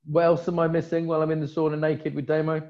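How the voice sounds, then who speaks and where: A man's voice: on the high side, completely flat delivery, fast talker. A man co-hosting a conference, chatting casually with playful, joking asides. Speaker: conference co-host. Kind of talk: casual chat. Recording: dull lo-fi sound.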